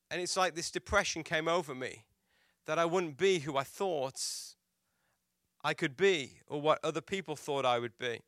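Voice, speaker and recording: A pastor preaching a sermon in a high, bright voice with a smooth, clear tone. He tells stories and asks his listeners questions. He swings from loud, emphatic lines to hushed, quiet ones, recorded dry and close. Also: no room sound. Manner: dramatic swings between loud and hushed delivery; storytelling with rhetorical questions to the congregation.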